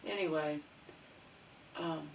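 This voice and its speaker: Indignant gravelly woman, distant and echoey. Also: deep voice, steady tone, takes it slowly, slight background noise. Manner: indignant, swearing, with frequent "okay?" and "you know?". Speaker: vlogger. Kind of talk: ranting personal story. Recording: distant mic in an echoey room.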